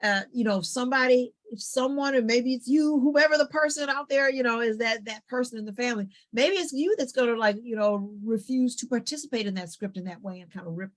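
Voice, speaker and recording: A woman psychologist talking as an interview guest, giving lively conversational advice and acting out little family dialogues. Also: on the high side, a little fast, hardly any pauses. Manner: animated, acts out family dialogues with quoted voices.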